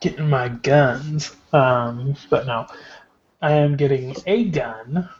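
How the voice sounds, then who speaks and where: A man playing a tabletop game, thinking aloud in a slow, musing way. His call audio sounds dull and lo-fi. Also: medium pitch, slight background noise. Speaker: player. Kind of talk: casual tabletop role-play.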